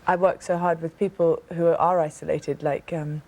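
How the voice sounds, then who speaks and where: Lower-voiced British woman telling her story. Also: flat delivery, normal speed, darkish tone. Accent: British English. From Britain. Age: 30s. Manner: earnest and emphatic, frequent restarts. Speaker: talk show guest. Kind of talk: personal storytelling in a TV interview.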